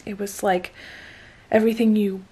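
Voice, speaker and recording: A woman's voice: mid-range voice, little pitch movement, normal speed, warm tone, husky. A woman in her twenties chatting casually in a vlog, gushing and breathless, with lots of fillers. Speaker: vlogger.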